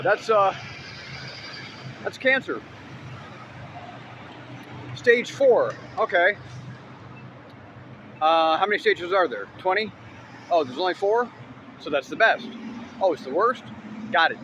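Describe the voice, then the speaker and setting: High-voiced man telling a wry comic story. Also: animated, slow pace, pauses often, pushed and bright, a little hiss or hum. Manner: wry, self-mocking, jokey asides. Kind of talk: comic personal monologue.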